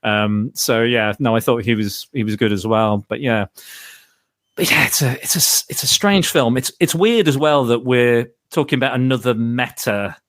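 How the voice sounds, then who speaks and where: A man's voice: mid-range voice, normal speed, a bit bright, no echo, studio quality. Rambling man hosting a podcast. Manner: rambling, many restarts and fillers. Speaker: podcast host. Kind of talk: casual film discussion.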